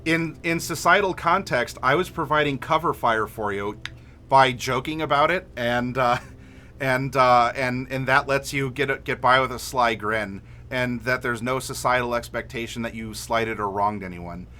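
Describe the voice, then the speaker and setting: A man's voice: medium pitch, a little slow, pushed and bright. A man casually chatting on a livestream, reading viewer messages aloud and rambling with lots of filler words. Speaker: streamer reading chat.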